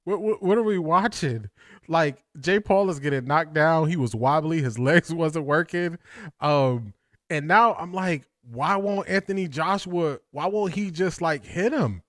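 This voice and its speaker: A man's voice: a little high, expressive, unhurried, no room sound. Man, live fight reaction streamer, exasperated, keeps repeating himself, dry close sound. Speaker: watch party streamer.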